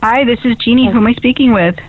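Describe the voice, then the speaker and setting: A woman with a slightly high voice talks fast as she hosts a call-in spiritual radio show as an intuitive medium. She is upbeat and chatty, often asking "right?", and the audio sounds tinny, like a phone.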